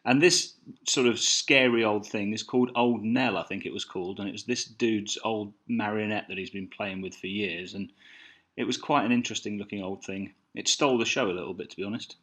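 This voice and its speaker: A man's voice: on the low side, fairly quick, fairly bright tone. A man with a Birmingham accent, chatting casually through a film audio commentary. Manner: easygoing, chatty, a few restarts. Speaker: documentary commentary co-host.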